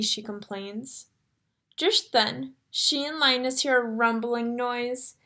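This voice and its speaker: A woman teacher reading a picture book aloud to young children, animated, gasping and asking them questions. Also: a little high, takes it slowly. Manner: animated storyteller, gasps, asks the children questions.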